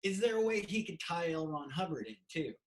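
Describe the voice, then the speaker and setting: A man's voice: a little high, expressive, fairly quick, poor audio. A man talking casually as a podcast guest on a call, rambling with restarts and turning playful when he jokes. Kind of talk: casual video call chat.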